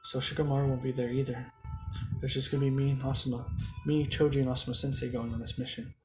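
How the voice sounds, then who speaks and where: A man's voice: mid-range voice, little pitch movement, fast, poor audio. A man casually telling a fan-made story, rambling with many restarts. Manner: rambling, full of fillers and restarts. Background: music.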